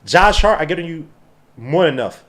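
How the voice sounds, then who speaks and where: New guy hosting a live game watch-along, fired up, voice jumps high and all over the place. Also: fairly quick. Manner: animated, excitable, slangy fan talk. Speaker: podcast host.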